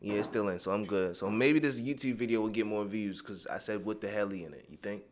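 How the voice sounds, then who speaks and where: A man's voice: lowish voice, fairly quick, soft background music. A man giving heated, profane commentary, rambling and drifting off his script. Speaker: commentary vlogger.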